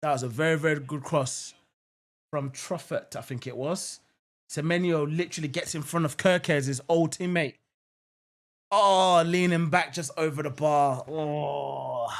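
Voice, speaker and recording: A young streamer from England, his voice slightly on the higher side, rambles casually through live football commentary while reading viewers' chat comments. He repeats phrases, says "um" and "I'm not gonna lie" a lot, and jumps into bursts of excitement when shots narrowly miss.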